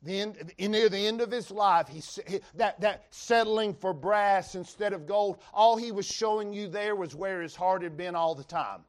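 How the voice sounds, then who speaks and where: The congregation at a church revival hears a man with a Western North Carolina accent preach in a folksy, emphatic way as he reads scripture aloud. He talks at a normal speed in a high-pitched voice, pausing only rarely.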